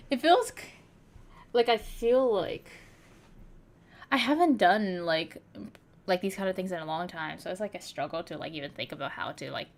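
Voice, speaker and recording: A woman's voice: fairly low pitch, lively intonation, measured pace, long pauses. A young woman streamer chatting casually, rambling with many fillers and casual swearing. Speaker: vtuber streamer.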